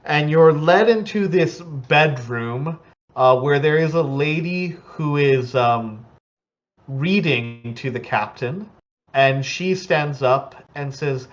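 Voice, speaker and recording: A man narrating a tabletop game as game master in a relaxed way, with many fillers. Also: on the high side, slow, lo-fi sound.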